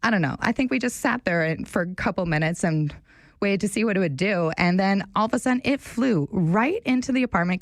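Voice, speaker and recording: A woman's voice: mid-range voice, no echo. Young woman on talk radio, chatty storyteller, dry close sound. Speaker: radio show fill-in host. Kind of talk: casual talk radio chat.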